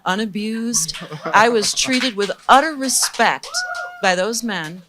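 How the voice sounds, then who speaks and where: A middle-aged woman being interviewed as a guest, telling lively, candid stories and acting out the people she quotes. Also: medium pitch, takes it slowly, noisy background. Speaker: guest recording engineer. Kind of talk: storytelling in a casual interview.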